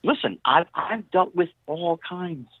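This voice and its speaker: A middle-aged man chats as a guest, spinning animated stories and slipping into the voices of the people he quotes. His voice sits slightly high and comes through a narrow, tinny phone line. The sound is dry, with no room around it. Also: unhurried, breathy edge, dry recording. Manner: animated storyteller who acts out quoted dialogue. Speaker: interview guest, actor. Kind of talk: casual interview storytelling.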